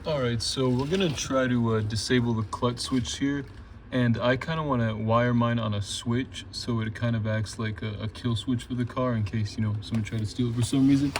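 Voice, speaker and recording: A man's voice: medium pitch, moderate pace, slight background noise. A man casually explaining, step by step, the repairs he is doing on his car while he works in a garage. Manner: relaxed, chatty, explaining step by step. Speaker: car restoration hobbyist vlogger. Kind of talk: casual how-to narration while working on a car.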